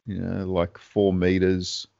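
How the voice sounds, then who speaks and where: A man's voice: sits low, completely flat delivery, takes it slowly, creaky, dark tone, no echo. A man with an Australian accent, co-hosting a podcast in casual chat, thinking aloud with lots of laughs and restarts. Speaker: podcast co-host. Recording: dull lo-fi sound.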